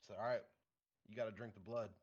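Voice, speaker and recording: A man's voice: fairly low pitch, a little fast, husky, dull audio. A young man from Michigan, co-hosting a casual podcast and telling hunting stories with a laid-back, laughing manner. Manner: relaxed storyteller, laughs often. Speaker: podcast co-host.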